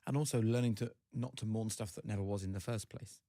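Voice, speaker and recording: A man's voice: lowish voice, steady tone, fast, warm tone, no echo, studio quality. A man hosting a podcast interview, easygoing, with short agreeing replies. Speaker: podcast host. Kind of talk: conversational interviewing.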